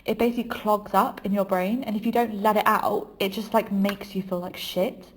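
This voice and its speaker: A woman's voice: medium pitch, fairly even intonation, a little fast, rough recording. A young woman hosting a casual podcast chat, chatty and supportive. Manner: chatty, supportive, laughs often. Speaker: podcast host.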